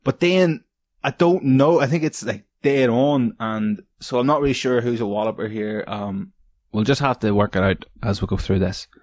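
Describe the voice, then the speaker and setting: Rambling, foul-mouthed podcaster. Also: male voice, medium pitch, normal speed, a little mellow. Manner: rambling, profane, laughing often. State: stoned. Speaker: podcast host. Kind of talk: casual solo podcast chat.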